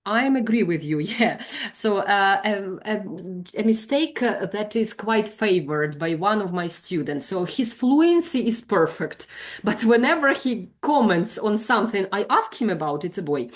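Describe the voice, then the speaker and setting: A woman's voice: mid-range voice, lively intonation, unhurried. A woman leading an online English teaching lesson, calling on trainees and explaining their mistakes. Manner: calls on students, corrects gently.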